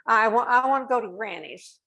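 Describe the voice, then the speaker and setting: A woman's voice: fairly high pitch, lively intonation, a little fast, sharp tone. A woman quoting her insistent elderly mother.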